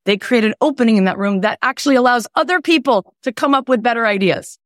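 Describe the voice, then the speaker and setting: A woman coach teaching an online workshop in a chatty, animated way, her voice raspy from a cold. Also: a little high, fast talker, dry recording, clean studio sound. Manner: animated, chatty, lots of "right?". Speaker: wealth coach.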